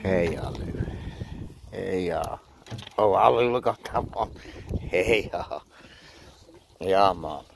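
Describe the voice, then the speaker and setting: A man's voice: low voice, a little slow, gravelly, long pauses. A man coaxing and chatting to animals as he feeds them outdoors at night, in casual running commentary. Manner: gentle, coaxing talk to animals. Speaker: vlogger feeding animals. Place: outdoors at night in a windy garden. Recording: noisy outdoor recording with wind.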